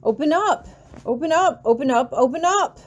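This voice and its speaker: A woman's voice: fairly high pitch, expressive, normal speed, warm tone, pitched above the performer's own voice, close to an everyday voice. A woman reading the lines of a distraught young witch heroine, pleading and earnest. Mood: desperate.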